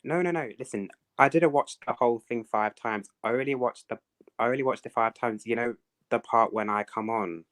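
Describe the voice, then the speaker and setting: A young man calling into a live stream on his phone microphone, eager and excitable, often laughing as he talks. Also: medium pitch, normal speed. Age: young adult.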